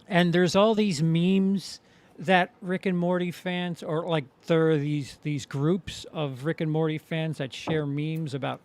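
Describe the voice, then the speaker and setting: A man co-hosting a casual live show, talking in a rambling way with many halting restarts and some swearing. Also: a little high, steady tone, a little mellow. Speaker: podcast co-host. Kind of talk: casual chat.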